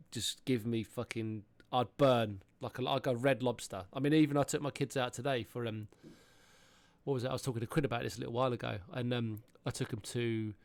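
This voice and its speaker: An English man in his thirties who talks casually on a podcast, swearing often and breaking into animated exclamations. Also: mid-range voice, gravelly, no room sound. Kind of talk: casual chat.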